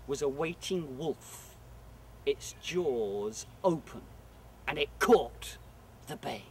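A man telling folk tales live, with a slow, deliberate pace and a lively, swooping delivery. His voice is distant and roomy, with faint ambience behind. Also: fairly high pitch, a little hiss or hum. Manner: dramatic, animated, with sudden loud bursts and hushed drops. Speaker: professional storyteller. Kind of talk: live storytelling performance. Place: live stage venue. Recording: echoey live venue, distant mic.

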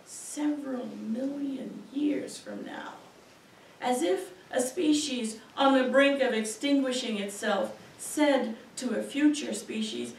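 A woman poet reads her work in a measured, expressive way, taking her time. Her high voice has a gravelly touch. It is heard from a distance in a roomy university hall. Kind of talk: poetry reading. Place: university auditorium. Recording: echoey auditorium from far off.

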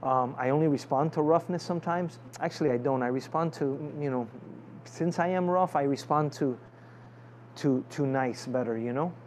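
A man's voice: a little high, normal speed, darkish tone, a little hiss or hum. Pastor preaching to his congregation. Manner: conversational, asks the congregation for amens. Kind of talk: sermon with prayer.

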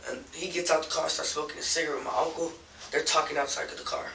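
A young man in an interrogation room gives a halting account full of restarts. His voice is gravelly, raised and sharp. It is picked up from across an echoey room with a faint hiss. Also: fairly high pitch, level tone. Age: young adult. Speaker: suspect being interrogated. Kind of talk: halting recounting of events. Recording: roomy, from a distance, faint noise.

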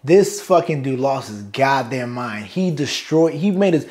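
A man's voice: medium pitch, expressive, unhurried, darkish tone. A man, a Marine sergeant major telling loose, profane stories from boot camp in a casual interview, often laughing. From Brooklyn, New York.

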